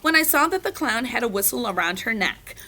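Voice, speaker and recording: A woman reading a children's storybook aloud, animated and expressive. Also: a little high, brisk. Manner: animated, doing character voices. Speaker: reader.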